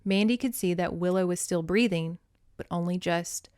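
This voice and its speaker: A woman hosting a podcast, reading a children's novel aloud and commenting in a casual, expressive way with swearing. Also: fairly low pitch, moderate pace, clean tone, no room sound, studio quality. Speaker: podcast host.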